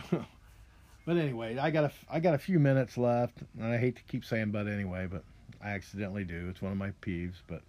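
A man's voice: lowish voice, steady tone, fast, darkish tone, no echo. A man hosting a podcast, ranting in a rambling, profane monologue full of restarts and asides. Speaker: podcast host.

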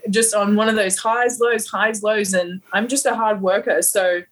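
A woman with an Australian accent and a husky, slightly breathy voice, talking as a podcast guest. She tells her stories in a blunt, animated way and swears freely. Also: medium pitch, moderate pace, rough recording. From Queensland, Australia. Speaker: guest, fighter. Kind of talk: casual podcast interview.

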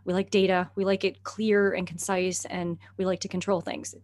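A middle-aged woman, a herbalist and naturalist, telling a story in casual conversation, animated and chatty, often laughing and using many fillers. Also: on the low side, moderate pace.

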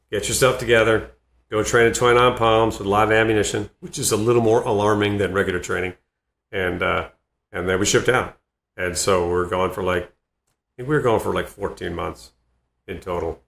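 A comedian and former Marine in his fifties, telling animated stories in an interview and laughing between lines. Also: fairly low pitch, gravelly. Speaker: comedian and Marine veteran guest. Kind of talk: storytelling interview. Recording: roomy echo.

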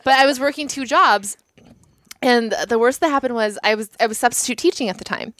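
A woman co-hosting a podcast, chatting and telling a story of her own in a relaxed, conversational way with some swearing. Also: fairly high pitch, fairly quick, no echo, clean studio sound. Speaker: podcast co-host. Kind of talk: casual podcast chat.

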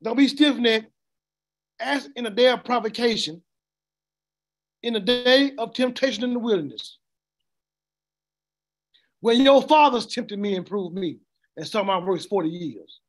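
High-voiced man preaching a call-and-response sermon. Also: a little slow, pauses often. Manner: call-and-response questioning, stammering repeats. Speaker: preacher teaching scripture. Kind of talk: interactive sermon.

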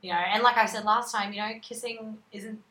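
A woman, telling a dating story in casual chat, animated and swearing freely. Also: mid-range voice, a little fast. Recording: roomy echo.

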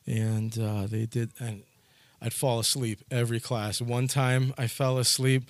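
A man's voice: mid-range voice, flat delivery, measured pace, no echo. A male pastor preaching a sermon in a casual storytelling way, often restarting his phrases.

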